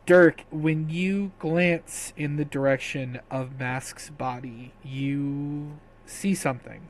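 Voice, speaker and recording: A man narrating a tabletop game as game master, softly and slowly, with quick chatty asides. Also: a little high, slight background noise, low-quality recording.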